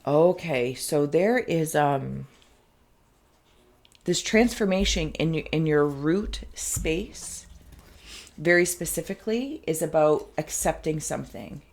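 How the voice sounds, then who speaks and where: A tarot reader does an intuitive pick-a-card reading in a slow, reflective, meandering way, often pausing as she searches for the right word. Her voice is low with a gravelly fry, expressive and a little mellow, and her throat sounds phlegmy.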